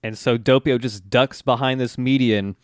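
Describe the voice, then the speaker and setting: A man's voice: medium pitch, fairly even intonation, moderate pace, no echo, studio quality. A man co-hosting a podcast, recapping episodes in casual chat and acting out character lines with laughs. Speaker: podcast co-host.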